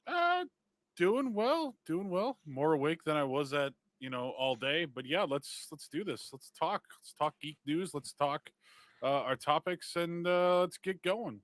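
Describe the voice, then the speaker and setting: A man co-hosting a casual podcast, upbeat, playful and quick to laugh. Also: fairly high pitch, expressive, fairly bright tone. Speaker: podcast co-host.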